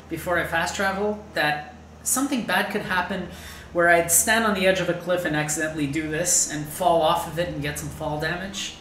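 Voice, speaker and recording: A woman's voice: fairly low pitch, fairly bright tone, echoey room, low-quality recording. A woman hosting a gaming video, chatting casually over her play and thinking aloud with fillers. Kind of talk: casual gameplay commentary.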